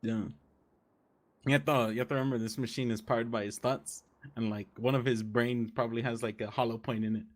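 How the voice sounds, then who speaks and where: A man's voice: mid-range voice, steady tone, a little fast. Man, jokey role-play player, easy laughter, casual delivery. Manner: joking, laughs often.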